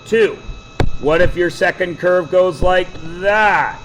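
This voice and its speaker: A man teaching a math class, quizzing the students with quick questions and cracking jokes. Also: high voice, fairly bright tone, a little hiss or hum, rough recording. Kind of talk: classroom lecture.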